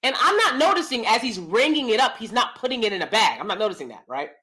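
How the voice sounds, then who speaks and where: Woman, high and lively, casual rant, crisp tone; acts out the dialogue, exasperated restarts. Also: quick pace. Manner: animated storytelling, acting out both sides of a dialogue; exasperated, repeats words and restarts. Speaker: speaker telling a personal story. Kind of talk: casual ranting monologue.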